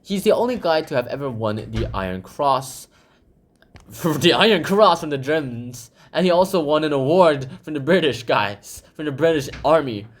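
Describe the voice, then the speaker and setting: A man's voice: a little high, expressive, moderate pace. A man hosting a book summary channel, talking casually in a rambling way with lots of fillers.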